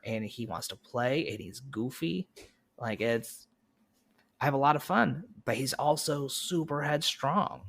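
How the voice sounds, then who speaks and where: A young adult man appearing as a podcast guest, sharing animated, joking anecdotes in casual chat. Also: medium pitch.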